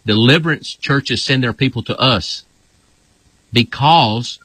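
A male pastor with a bright, forceful voice that has a husky edge. He explains things in an emphatic, repetitive way, and the sound is close and dry. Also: mid-range voice, slow pace, no echo, rough recording. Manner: emphatic, repeats "this here". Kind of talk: casual teaching talk.

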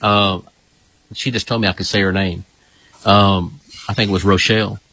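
A male pastor with a bright, forceful voice that has a husky edge. He explains things in an emphatic, repetitive way, and the sound is close and dry. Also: lowish voice, steady tone, moderate pace, no room sound, poor audio. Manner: emphatic, repeats "this here". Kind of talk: casual teaching talk.

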